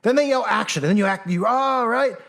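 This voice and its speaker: This commentator's voice is very high, brisk and fairly bright, with vocal fry. Delivering an argumentative monologue, he mocks and combats his critics, imitating them in mock voices and throwing out rhetorical questions.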